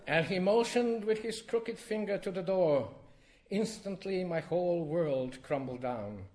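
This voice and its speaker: A man reading his own poem to a live audience, with expressive rises and drops in his voice. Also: normal speed. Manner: expressive, wide swings in pitch and loudness. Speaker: poet reading his work. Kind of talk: poetry reading.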